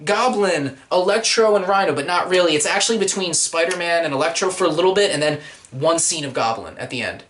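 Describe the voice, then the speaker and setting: A man hosting a casual movie-review podcast, ranting and animated, often slipping into silly voices. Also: on the high side, fairly quick, a little hiss or hum. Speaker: podcast host.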